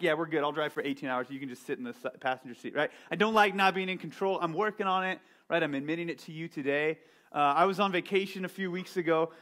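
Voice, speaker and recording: Fairly high-pitched and a little bright, this pastor preaches casually, poking fun at himself through a personal story and repeatedly asking "right?"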